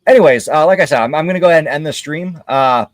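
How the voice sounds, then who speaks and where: A man chats loosely while he plays on a livestream, his voice sitting a little higher than most. He speaks frankly and rambles, with lots of pauses and restarts. The sound is dry and close, with no room echo. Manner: candid, rambling, many hesitations. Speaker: livestream gamer host. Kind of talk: casual chat while gaming.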